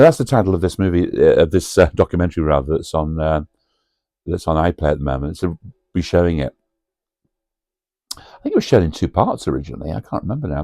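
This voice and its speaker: A man's voice: deep voice, dark tone, dry recording, clean studio sound. A man hosting a cosy pub-style chat about a film, rambling and chatty with lots of fillers and asides to the viewer. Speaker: video host.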